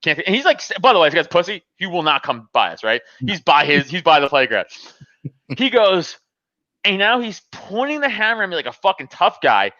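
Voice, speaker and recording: In a high, fairly quick male voice, a podcast host spins a laugh-filled, heavily profane story in casual talk, animatedly acting out both sides of the argument. The audio is dull, with no room sound.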